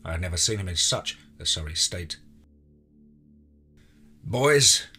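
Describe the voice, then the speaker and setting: A man narrating a horror story in a tense, measured scripted reading. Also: deep voice, steady tone, pushed and bright, faint music behind.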